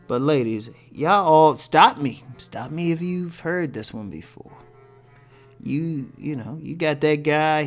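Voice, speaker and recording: Blunt, joking man giving relationship advice. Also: medium pitch. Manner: blunt, tough-love, joking. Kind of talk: casual advice monologue.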